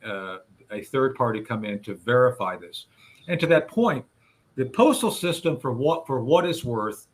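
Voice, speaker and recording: Speaking as a guest on a radio talk show, this man has a mid-range, slightly bright voice. He tells his story conversationally, laying out what happened step by step and turning to address the hosts themselves.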